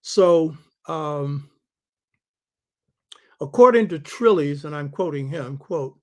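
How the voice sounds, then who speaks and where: A man's voice: on the high side, animated, takes it slowly, pauses often. A man hosting a show, giving an emphatic lecturing monologue and throwing rhetorical questions at his listeners. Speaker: host.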